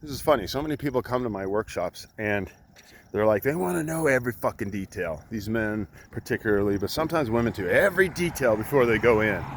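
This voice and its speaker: A man's voice: fairly low pitch, lively intonation, quick pace, a little hiss or hum. A middle-aged man, a coach, telling a heated story in blunt, profane talk while out on a walk. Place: outdoors by a road.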